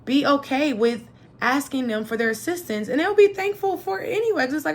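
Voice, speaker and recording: A young adult woman hosting a solo motivational podcast in a chatty, animated manner. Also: sits high, brisk. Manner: lively, chatty, animated, acts out quoted voices. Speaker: podcast host.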